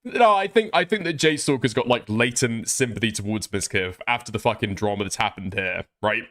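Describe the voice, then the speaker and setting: A man's voice: medium pitch, brisk, a bit bright. A male livestream host giving crude, incredulous reaction commentary and swearing heavily.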